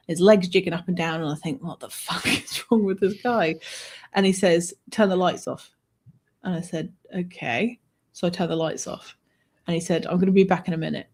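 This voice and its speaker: A woman guest telling a personal anecdote in a lively, conversational way, often laughing and swearing. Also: fairly low pitch. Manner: animated, laughing, swears freely. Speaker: author guest. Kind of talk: conversational storytelling.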